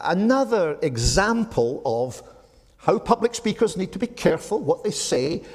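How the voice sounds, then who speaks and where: A Scottish man in his seventies giving a measured, reflective talk to a church audience, with frequent ums. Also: on the high side, a little mellow. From Scotland. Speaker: speaker at a church gathering. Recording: long hall reverb.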